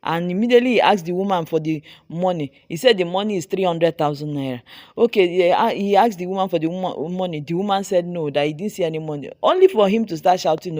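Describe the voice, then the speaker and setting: A woman's voice: mid-range voice, expressive, brisk, darkish tone, dry recording. A young Nigerian woman, a fashion designer and vlogger, animatedly retelling a dramatic story with lots of repetition. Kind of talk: storytelling vlog.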